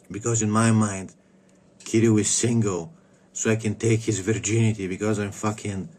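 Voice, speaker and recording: Sex: man. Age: 30s. Origin: Bulgaria. Pitch: low. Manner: crude, rambling rant with stammered repeats. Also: fairly even intonation, normal speed, darkish tone. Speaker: vlogger. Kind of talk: casual rant.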